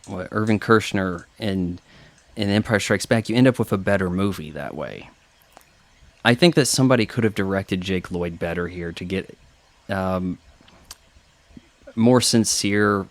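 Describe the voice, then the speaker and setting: A man's voice: fairly low pitch, dry recording. A man chatting casually through a film commentary, opinionated and thinking aloud with fillers. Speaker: commentary host.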